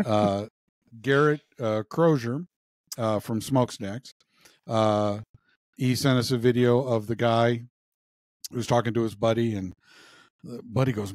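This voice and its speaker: A man's voice: steady tone, measured pace, pauses often, a little mellow, dry recording. A man co-hosting a podcast, telling jokes in casual chat and lifting his voice playfully for the characters. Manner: retells jokes with playful pitch shifts for characters. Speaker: podcast co-host.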